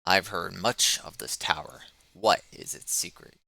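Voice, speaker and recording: A man's voice: deep voice, a little slow, creaky, bright, forceful tone, no echo, heavily acted, rough recording. A man voicing a blunt young barbarian outlander in an audiobook, asking plain, direct questions. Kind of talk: audiobook character reading.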